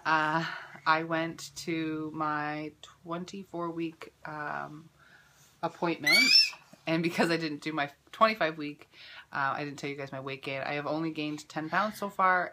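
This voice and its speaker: Chatty woman with a bright low voice. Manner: emotional, tearful at times; chatty, many fillers. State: recovering from a cough, throat-clearing. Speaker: vlogger. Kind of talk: casual personal vlog.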